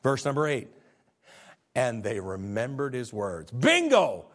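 A middle-aged male pastor preaching a sermon, animated, acting out biblical figures as he goes. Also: mid-range voice, unhurried.

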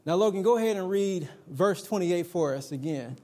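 High-voiced man preaching conversationally. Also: expressive, moderate pace, a little mellow. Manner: conversational, personal anecdotes, emphatic. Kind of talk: sermon to a young congregation.

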